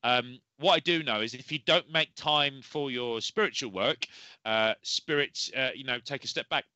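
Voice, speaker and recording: A man's voice: mid-range voice, moderate pace, pushed and bright, no room sound, low-quality recording. A man hosting a live show of psychic readings, talking in a rambling, reassuring way with many fillers, tired after a long day. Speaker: medium and show host.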